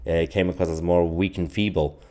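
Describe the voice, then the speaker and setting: Low-voiced sarcastic man streaming. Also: fairly quick. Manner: animated, sarcastic, laughs often, restarts. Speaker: host of a live political stream. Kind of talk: live stream commentary reading chat.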